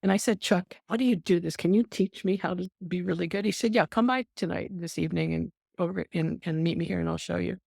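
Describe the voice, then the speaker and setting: An older woman, a nurse, telling stories in an interview. She is an animated storyteller who acts out the voices she quotes and often says "um". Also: fairly low pitch, fast, gravelly, hardly any pauses, no room sound, clean studio sound. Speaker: nurse guest.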